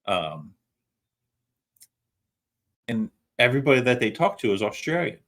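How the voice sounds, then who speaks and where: A man's voice: medium pitch, very animated, measured pace, a bit bright. A middle-aged man, a paramedic co-hosting a podcast, telling a story in a laid-back, casual way and swearing freely. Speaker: podcast co-host.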